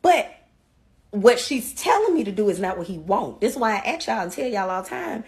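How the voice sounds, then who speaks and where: Lively woman telling a story. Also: medium pitch, brisk. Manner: storytelling, quoting others, emphatic. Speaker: podcast guest. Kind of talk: casual chat.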